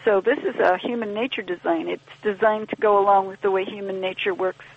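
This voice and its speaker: Gravelly, husky woman on a podcast. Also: medium pitch, fairly even intonation, brisk. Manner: thoughtful, wry, acts out little quoted exchanges. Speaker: podcast guest explaining community living. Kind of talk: conversational explanation. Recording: dull lo-fi podcast audio.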